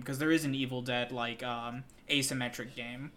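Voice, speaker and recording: A man's voice: mid-range voice, steady tone, normal speed, hardly any pauses, fairly bright tone, slight background noise. A man co-hosting a fighting-game podcast in casual chat, laid-back, swearing freely and trailing off with ums. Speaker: podcast co-host.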